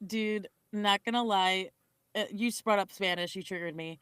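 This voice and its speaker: A woman's voice: medium pitch, moderate pace, fairly bright tone, clean tone, no echo. A young woman co-hosting a podcast, chatting casually in a rambling, giggly way and correcting herself often. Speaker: podcast co-host. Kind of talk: casual chat.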